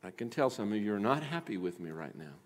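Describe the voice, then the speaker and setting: A man preaching a sermon as pastor, swinging between loud emphasis and hushed asides. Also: lowish voice, big pitch swings, fast talker, long reverb tail.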